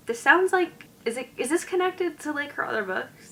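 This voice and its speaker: Bright-voiced young woman with a New Jersey accent. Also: high-pitched, animated, normal speed, hardly any pauses, poor audio. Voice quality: vocal fry. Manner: chatty, many "like" fillers, reads blurbs aloud. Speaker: book vlogger. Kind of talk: casual book talk with read-aloud blurbs.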